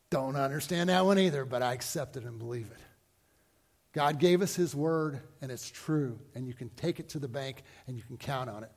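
High-voiced preacher in a reverberant hall. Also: male voice, a little mellow. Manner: conversational, folksy preaching with rhetorical questions. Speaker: pastor. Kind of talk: sermon.

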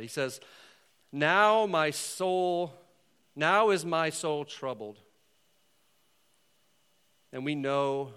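A pastor preaching a sermon in a conversational, earnest way, swinging between loud emphasis and quiet asides. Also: male voice, medium pitch, clear, resonant tone.

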